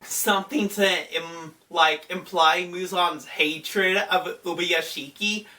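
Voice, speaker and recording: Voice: medium pitch, steady tone, slow, pushed and bright, far from the mic. An anime fan vlogger recapping an episode in casual, enthusiastic talk full of "like". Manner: enthusiastic, filler-heavy.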